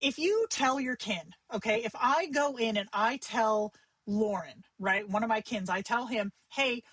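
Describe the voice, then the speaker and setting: A woman hosting a livestream tutorial, talking in a chatty, conversational way with quick asides. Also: a little high, fairly bright tone, husky, no room sound, poor audio. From Arizona. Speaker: livestream host teaching AI companion tips.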